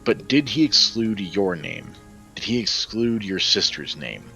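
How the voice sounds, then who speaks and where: A man's voice: low-pitched, a little slow, bright, forceful tone, faint music behind, full character voice, poor audio. A man voicing a scarred, angry male mob ringleader, snarling and bitter.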